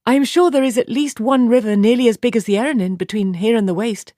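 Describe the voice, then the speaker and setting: A woman doing an earnest young woman, high. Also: quick pace, mellow, no echo, studio quality, close to an everyday voice. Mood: curious.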